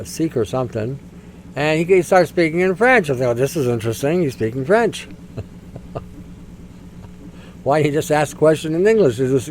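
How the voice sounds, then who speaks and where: A man rants on his podcast in a blunt, scornful, repetitive way. His voice sits fairly high for a man. Faint noise sits behind it. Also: creaky, low-quality recording. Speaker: podcast host. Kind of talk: opinionated commentary rant.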